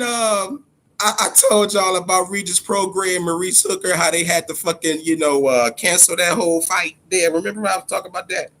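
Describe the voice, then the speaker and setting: Animated, high-voiced man ranting. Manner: animated, profane, repeats words, addresses audience as y'all. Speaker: boxing commentary host. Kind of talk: casual profane boxing commentary.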